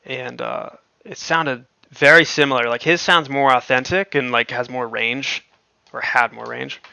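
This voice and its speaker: A man's voice: medium pitch, fairly even intonation, unhurried, vocal fry, bright, forceful tone, clear, resonant tone, no echo. A man hosting a livestream, chatting casually and rambling with lots of fillers and frequent laughs. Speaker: livestream host.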